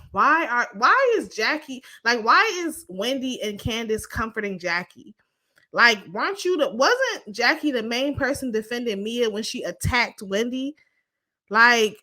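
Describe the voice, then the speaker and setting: Young woman, recap vlogger: sassy, blunt, profane, with a bright, slightly high voice. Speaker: reality TV recap commentator. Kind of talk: casual opinionated recap.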